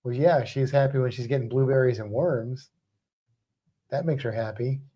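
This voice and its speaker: A woman with an exceptionally low, deep voice co-hosts a relaxed home livestream. She chats in a loose, teasing way and greets viewers one by one, speaking from a home podcast studio. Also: normal speed, husky, dull audio. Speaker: co-host of a livestream about pets. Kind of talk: casual livestream chat.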